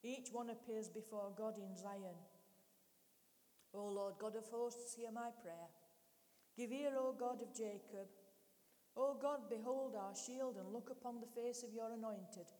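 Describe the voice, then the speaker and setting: A woman reading scripture aloud in a church hall at a measured, deliberate pace. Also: fairly high pitch, mellow. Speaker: scripture reader.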